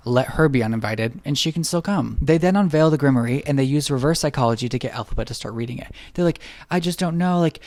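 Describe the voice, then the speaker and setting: A young man giving a snarky, profane comedic movie recap, acting out characters in quick asides. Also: mid-range voice, darkish tone, no room sound.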